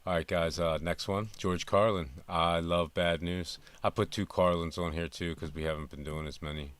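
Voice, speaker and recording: Very deep-voiced reaction host. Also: male voice. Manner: relaxed, halting, with many fillers. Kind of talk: casual commentary to viewers.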